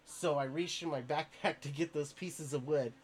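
A man's voice: a little high, normal speed, a little hiss or hum. A man, a podcast guest, tells a story in a casual, rambling way with lots of fillers and restarts.

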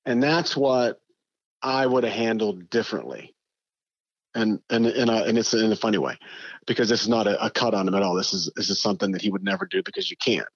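Excitable middle-aged man telling stories. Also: fairly low pitch, a little fast, slightly rough, dry recording, dull audio. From western Pennsylvania. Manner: excitable, acts out both sides of conversations. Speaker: guest, pro golfer. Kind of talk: animated storytelling.

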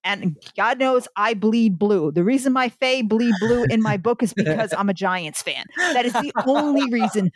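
A woman's voice: on the high side, animated, moderate pace, hardly any pauses, no echo. A woman author ranting bluntly in a candid podcast chat, swearing freely. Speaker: guest, fantasy author.

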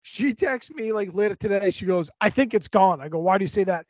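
A high-voiced man tells a rambling story with plenty of swearing and energy. His voice sits dry and close in a dull, lo-fi recording. It sounds like casual podcast chat. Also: brisk, no echo. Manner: animated, profane storytelling. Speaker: podcast co-host.

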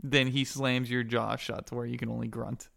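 A man's voice: mid-range voice, level tone, moderate pace, creaky, fairly bright tone. A man narrating as game master of a tabletop game, telling the story in a casual, crude way.

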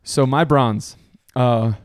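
A man's voice: mid-range voice, takes it slowly, dry recording, studio quality. A man chatting casually about movies with friends, acting out lines from scenes and laughing as he goes. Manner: animated, acts out movie quotes with laughter.

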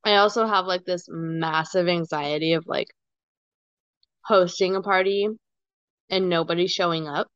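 A woman's voice: lowish voice, fairly even intonation, unhurried, pauses often, a bit bright, clean tone, no room sound, highs cut off. A woman guest on a podcast, chatting casually and laughing between phrases. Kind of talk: casual chat.

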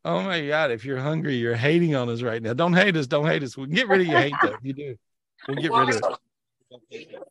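A man's voice: on the high side, brisk, dry recording. A man hosting a live video-call podcast, guiding a healing and then greeting people, effusive and given to repeating his words. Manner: warm, effusive, repeats phrases. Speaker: spiritual healer and show host.

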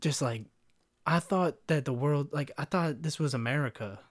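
A man's voice: fairly high pitch, moderate pace, dry recording, studio quality. A young man hosting a casual solo podcast. He rambles through stories with lots of slang and swearing. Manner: rambling, slangy, profane storytelling. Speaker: podcast host.

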